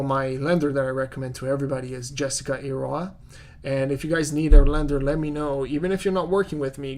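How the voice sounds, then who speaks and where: This man's voice sits on the high side, and he speaks English with a non-native accent. Working as a real estate agent, he runs a relaxed live-stream Q&A, responding to viewer comments in a chatty way packed with fillers.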